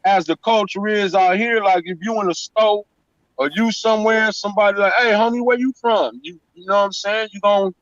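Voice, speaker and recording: A man talks in a fairly high voice, emphatic and story-driven, and keeps checking in with the listener. The sound is dull and lo-fi, like a call line, and very dry. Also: fairly quick, a bit bright, dry recording. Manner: emphatic street storytelling, repeats "you know what I'm saying". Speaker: guest. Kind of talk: casual chat.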